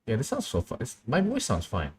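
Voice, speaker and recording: A man's voice: mid-range voice, huge pitch swings, fairly quick, darkish tone, a little hiss or hum. A young man streaming while he works on a computer, thinking aloud in a casual, muttering way. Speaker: streamer animating live. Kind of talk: casual live-stream commentary.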